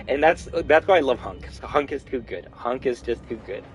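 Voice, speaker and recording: A young man streaming a game, telling a story in an animated, profane way. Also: mid-range voice, moderate pace, few pauses, soft background music, low-quality recording. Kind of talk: casual gaming commentary.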